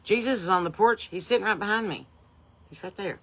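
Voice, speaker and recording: On her home porch, a Southern podcast host and country singer runs a casual livestream, chatting in a folksy way and greeting viewers by name. Her medium-pitched voice is brisk, and the low-quality recording carries a slight hiss or hum.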